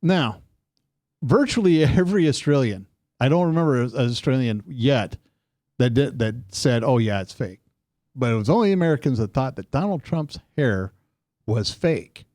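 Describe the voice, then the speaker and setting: A man co-hosting a casual political radio chat, telling stories in an animated, lively way. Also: normal speed, dry recording, studio quality. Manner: animated storytelling, lively pitch swings. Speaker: co-host. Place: studio.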